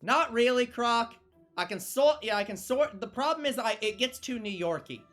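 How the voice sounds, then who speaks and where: A man's voice: very high-pitched, animated, moderate pace, a bit bright, faint music behind. A man co-hosting a casual gaming stream, laughing often and reading chat aloud as he banters. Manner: laughing, self-interrupting, reads chat aloud. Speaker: stream co-host.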